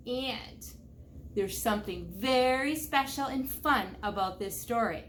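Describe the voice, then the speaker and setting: A woman's voice: fairly high pitch, measured pace, fairly bright tone, a little hiss or hum. A woman reading a picture book aloud to young children, playful and asking them questions. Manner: playful, talks to young viewers, asks questions. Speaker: children's storyteller.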